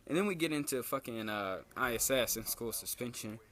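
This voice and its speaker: A young man casually telling a personal story in a vlog, full of slang and swearing, and jumping up in pitch when he quotes people. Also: expressive, a little fast, a bit bright. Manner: laid-back slangy storytelling, swears a lot, jumps high for quoted lines.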